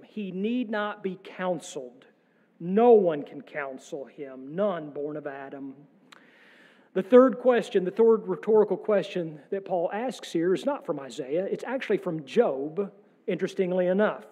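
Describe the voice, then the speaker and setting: A male pastor preaching a sermon in a church, posing measured rhetorical questions with wry asides. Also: high voice, a little mellow. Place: church sanctuary. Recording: long church reverb.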